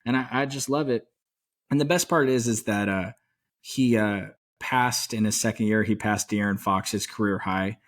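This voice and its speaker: A man co-hosting a podcast, chatting about sports as an excited, rambling fan with some mild swearing. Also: lowish voice, moderate pace. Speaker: podcast co-host. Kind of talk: casual sports chat.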